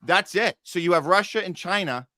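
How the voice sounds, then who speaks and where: A man hosting a political news podcast, chatting casually and agreeing with his co-host in quick back-and-forth. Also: high-pitched, expressive, pushed and bright, no echo, studio quality.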